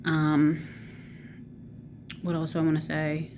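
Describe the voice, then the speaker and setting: Low gravelly woman, rambling vlog. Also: monotone, slow pace, a little mellow, a little hiss or hum. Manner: rambling, many fillers, swears freely. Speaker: vlogger. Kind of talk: casual chat to camera.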